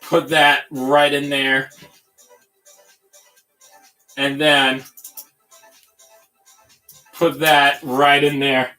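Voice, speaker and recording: A man hosting a casual livestream tutorial, talking in an excitable, giddy, rambling way. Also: fairly high pitch, extremely slow, long pauses, faint music behind. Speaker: livestream host building toys.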